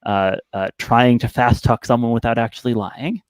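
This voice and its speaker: A man narrating as game master of a tabletop game, halting and full of fillers. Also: mid-range voice, fairly even intonation, clean tone, dry recording. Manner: rambling, halting, many fillers.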